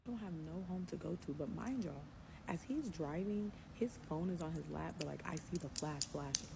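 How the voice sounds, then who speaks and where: A woman telling a personal story in an animated, emphatic way, repeating herself for effect. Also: deep voice, moderate pace, gravelly, noisy background.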